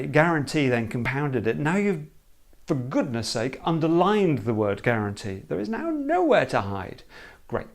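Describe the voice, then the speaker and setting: A man explaining a creative problem-solving method in an emphatic, animated teaching talk. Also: medium pitch. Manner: emphatic, animated, acts out hesitant problem owners.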